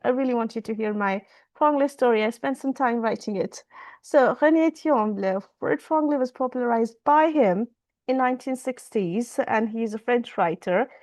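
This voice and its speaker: Give me a high-pitched woman French teacher on a video call, going back and forth between French and English. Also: darkish tone, dry recording. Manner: repeats phrases, switches between French and English. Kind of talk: online class teaching.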